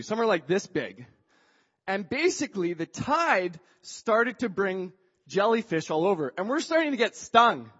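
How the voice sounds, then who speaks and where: Male storyteller, high-pitched, lively and conversational, dull lo-fi recording. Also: breathy edge, big-room sound. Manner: chatty, acts out quoted dialogue, frequent "like" fillers. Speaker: speaker telling a personal story. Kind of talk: animated personal storytelling with a moral.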